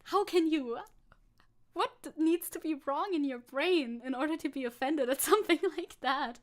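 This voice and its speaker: A woman's voice: sits high, normal speed. A woman streamer giving casual sarcastic commentary as she reads posts aloud, laughing often and rambling with restarts.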